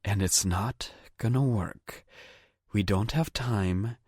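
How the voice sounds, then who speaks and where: A man's voice: on the low side, slow pace, darkish tone, slightly rough, dry recording, studio quality. A man voicing a stubborn, teasing young woman in an audiobook. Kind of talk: audiobook character voice.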